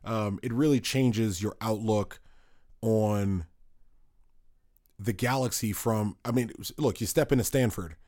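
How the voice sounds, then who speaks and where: A man's voice: fairly low pitch, unhurried, pauses often, a little mellow, no echo, clean studio sound. A man co-hosting a podcast, telling stories in a rambling, self-interrupting way and laughing at his own tales. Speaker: podcast co-host. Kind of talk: casual storytelling chat.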